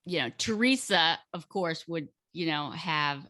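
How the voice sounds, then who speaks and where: A woman in casual chat, explaining a home recipe step by step in an unhurried, hesitant way with many fillers. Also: low-pitched, expressive, bright, forceful tone, no echo, studio quality. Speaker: guest cook sharing a recipe.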